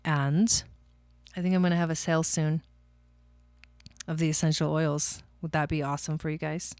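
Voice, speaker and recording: A woman's voice: low-pitched, little pitch movement, moderate pace, darkish tone, clean tone, dry recording. A woman doing casual livestream astrology and tarot readings, chatty, laughing often and talking to her viewers by name.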